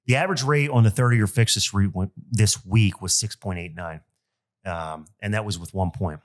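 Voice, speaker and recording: A man with a lowish voice talks on a solo podcast in a loose, animated way. He vents with open exasperation and peppers his talk with fillers. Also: normal speed. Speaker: podcast host and loan officer. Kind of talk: casual solo podcast monologue.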